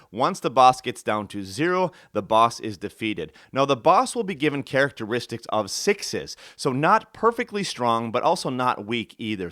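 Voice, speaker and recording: Lively, upbeat man explaining a game. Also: mid-range voice, dry recording, studio quality. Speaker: host and solo game runner. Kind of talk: rules explanation and game narration.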